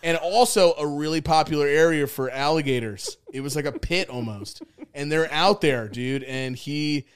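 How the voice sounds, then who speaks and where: A young man co-hosting a podcast, telling rambling, profane stories in casual chat and acting out loud quotes. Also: a little high, moderate pace, smooth. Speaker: podcast co-host.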